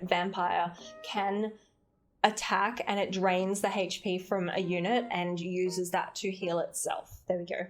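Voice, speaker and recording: A chatty, playful Australian woman talking casually into a desk mic during a livestream. She reads chat aloud, laughs often and swears lightly, with faint music playing behind her. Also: mid-range voice.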